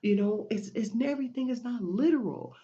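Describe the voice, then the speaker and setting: A woman's voice: fairly high pitch, expressive, fairly quick, dark tone, dull audio. A woman giving a spiritual motivational talk, repeating and restarting her phrases in a preachy way. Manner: repetitive, preachy, many restarts. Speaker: motivational speaker.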